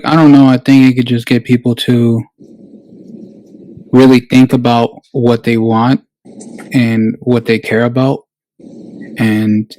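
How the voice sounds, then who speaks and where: A man's voice: mid-range voice, mellow, no room sound, poor audio. A man speaking as a guest on a casual podcast, loose and rambling, with many filler words.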